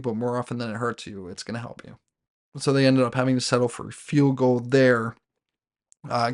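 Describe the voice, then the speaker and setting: A man talks through his team's latest game on his own podcast, speaking as a fan. His pitch stays level, with little rise and fall, and he keeps restarting sentences and filling pauses. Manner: rambling, with frequent fillers and self-corrections; fan talking about his team as "we". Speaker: sports podcast host. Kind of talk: casual solo game recap.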